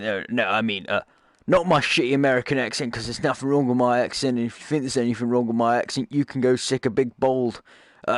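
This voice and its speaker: A man's voice: lowish voice, no room sound, clean studio sound. Rambling jokey man commenting on a game. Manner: rambling, jokey, self-correcting asides. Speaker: gaming YouTuber. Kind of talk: casual gameplay commentary.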